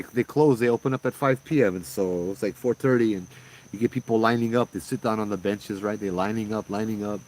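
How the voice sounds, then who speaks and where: A man's voice: on the low side, a little hiss or hum. A middle-aged man from Hawaii with a Hawaiian Pidgin accent, hosting a casual chat and telling stories with lots of laughs. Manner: laid-back storytelling, animated quoted voices, laughs often. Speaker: podcast host.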